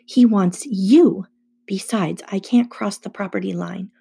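A woman's voice: mid-range voice, measured pace, vocal fry, warm tone, husky. A woman reading an audiobook aloud, voicing a frightened but firm mother giving serious, urgent orders. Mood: grave.

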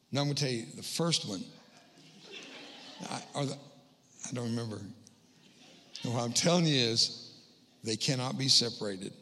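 A middle-aged man giving a humorous spoken testimony as a guest speaker in a church, landing quick self-mocking punchlines. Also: mid-range voice, bright, forceful tone. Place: church hall. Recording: long hall reverb.

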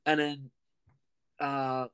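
A man in his twenties telling a story in a casual, animated way, often saying "like", as a podcast host. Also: medium pitch, extremely slow, smooth, no room sound. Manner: animated, heavy use of "like".

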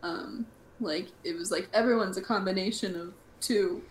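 A young woman hosting a casual podcast, talking in an animated, chatty way with lots of fillers. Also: medium pitch, normal speed, slight background noise. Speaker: podcast host.

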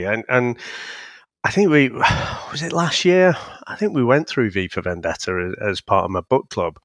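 Laid-back low-voiced man. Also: a bit bright, no room sound, studio quality. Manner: laid-back, halting, casually sweary. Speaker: podcast co-host. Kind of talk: casual film review chat.

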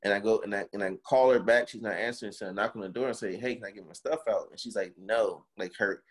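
A man's voice: lowish voice, fairly even intonation, quick pace, slightly rough. A young man in casual chat, animatedly telling a story, swearing and acting out the quotes.

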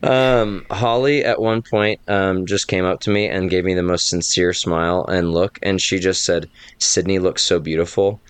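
A man hosting a podcast recap, rambling warmly in casual chat and laughing often. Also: low voice, fairly even intonation, moderate pace, hardly any pauses, clean tone, no echo. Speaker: game master and podcast host.

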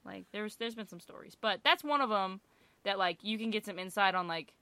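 A woman casually telling a family story, animated and full of fillers, with bursts of swearing. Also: medium pitch, brisk, smooth, dry recording. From Italian-American family. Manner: animated, lots of fillers, swears, acts out quotes loudly.

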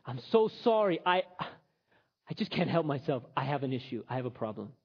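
A man's voice: sing-song, fairly quick, slightly rough, long reverb tail. A man doing a mumbling, sheepish troublemaker. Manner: low, mumbling, apologetic. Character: sheepish man who keeps throwing water, mumbling apologies. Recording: slightly muffled recording.

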